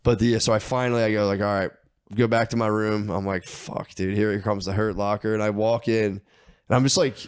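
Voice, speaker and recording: A man's voice: fairly low pitch, fairly even intonation, fairly quick, smooth, no room sound. Young male podcast co-host, casual storyteller, profane and rambling, lots of restarts, dry close sound. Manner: rambling, profane, stammering restarts, acts out his own thoughts.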